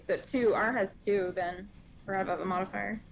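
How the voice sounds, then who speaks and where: A woman playing a tabletop role-playing game, making quick, upbeat remarks about her rolls. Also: medium pitch, fairly even intonation, gravelly, slight background noise, low-quality recording. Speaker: player. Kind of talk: casual tabletop play.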